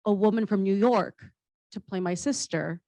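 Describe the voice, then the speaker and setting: A woman's voice: medium pitch, normal speed, dark tone, no room sound, poor audio. Blunt, humorous woman comedian, dry sound. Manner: blunt and humorous, swears casually. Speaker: comedian and actress on a panel. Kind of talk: candid conversational storytelling.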